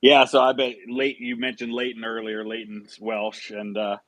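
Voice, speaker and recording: A man's voice: mid-range voice, completely flat delivery, normal speed, a bit bright, dry recording. A man hosting a casual live chat, asking questions with stammered restarts and short replies in between. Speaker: host.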